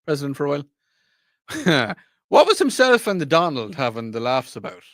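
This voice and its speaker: A man's voice: a little high, wildly swooping pitch, moderate pace, a bit bright, no echo. An Irish man hosting a radio talk show, chatting in a rambling, jokey, self-mocking way into a studio microphone. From Ireland. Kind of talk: casual radio chat.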